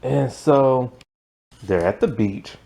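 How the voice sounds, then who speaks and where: A man's voice: medium pitch, slow, vocal fry, mellow. A man giving a casual, rambling recap of a TV episode, peppered with "like" and laughing at the plot. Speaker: TV show reviewer.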